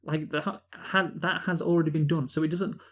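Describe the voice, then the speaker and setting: A man's voice: a little high, fairly even intonation, a little fast, a bit bright. A man from Britain in casual podcast chat about a film, rambling with many restarts and fillers. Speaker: podcast co-host, film reviewer.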